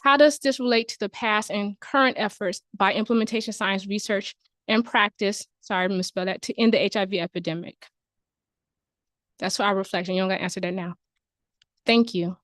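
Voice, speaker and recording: A woman presenting at a symposium, telling a lively story and asking the audience questions. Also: medium pitch, brisk, dry recording, studio quality. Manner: animated storytelling, addresses audience. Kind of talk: playful conference talk. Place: conference venue.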